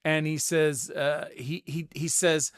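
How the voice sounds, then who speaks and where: Animated man musing aloud, higher voice. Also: slow, clear, resonant tone. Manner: animated, repeats words when thinking aloud. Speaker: podcast host. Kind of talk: casual spoken commentary.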